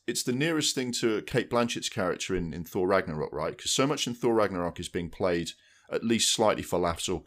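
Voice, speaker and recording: Male co-host, deep voice, loose rambling chat. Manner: rambling, restarts mid-sentence. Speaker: podcast co-host. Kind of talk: casual film chat.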